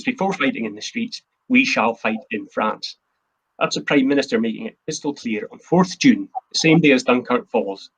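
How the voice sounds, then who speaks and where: A man's voice: mid-range voice, creaky, breathy edge, poor audio. A man, the host and a historian, giving an earnest, emphatic history talk from his notes. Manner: earnest, emphatic, quotes speeches in a plain voice.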